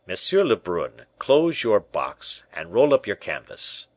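A man voicing a sly male bishop who speaks in a measured, quiet way. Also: fairly low pitch, big pitch swings, no room sound, exaggerated voice. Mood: calm, scheming. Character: sly, smooth-talking male bishop and ex-musketeer.

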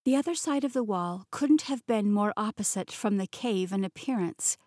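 A woman's voice: mid-range voice, lively intonation, normal speed, darkish tone, no echo. Lady reading an audiobook, mid voice, super dry close mic. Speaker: audiobook narrator. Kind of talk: first-person audiobook narration. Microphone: close studio mic.

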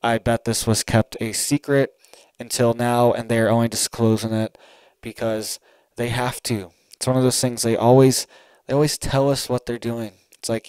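A man's voice: mid-range voice, level tone, moderate pace, darkish tone, smooth, no echo, poor audio. A man giving solo commentary to camera, urgent and emphatic, who keeps checking in with his listener. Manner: urgent, emphatic, keeps asking "all right?". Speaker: online commentator.

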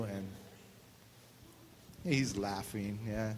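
A man's voice: medium pitch, normal speed. Man, pastor, joking sermon, long church reverb, faint hiss. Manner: joking, animated, acts out dialogue. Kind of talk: humorous sermon storytelling.

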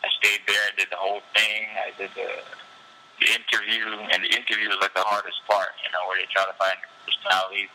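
A man's voice: low-pitched, little pitch movement, fast talker, pushed and bright, slight background noise, poor audio. A professional fighter being interviewed, a man telling his story candidly and casually, with loose fillers and frequent laughs.

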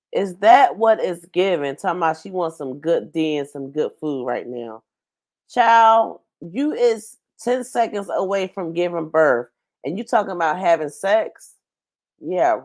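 A woman's voice: fairly low pitch, darkish tone. A woman hosting a reaction video, giving sassy, blunt, gossipy commentary.

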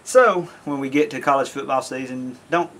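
A man's voice: mid-range voice, moderate pace, fairly bright tone. A man talking casually to camera in a rambling, folksy way, repeating himself as he goes. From American South. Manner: rambling, folksy, self-interrupting. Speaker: YouTube vlogger.

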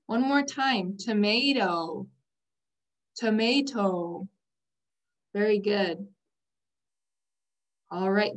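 A woman teaching a vocabulary lesson to young learners. She says each word slowly and clearly, has the class repeat it, and breaks words into their first sounds. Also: medium pitch. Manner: stresses sounds one by one.

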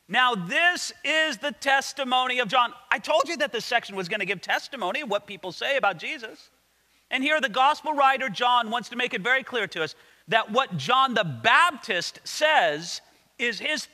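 A man's voice: sits high, sharp tone, long reverb tail. A man preaching a sermon as a pastor, emphatic as he reads scripture aloud and explains it.

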